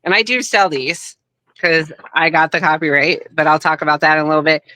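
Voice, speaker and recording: Bright, smooth-voiced woman telling a story. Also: sits low, fairly quick, no echo, poor audio. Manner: animated, acts out quoted voices. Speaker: guest, wrestler's daughter. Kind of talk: casual storytelling.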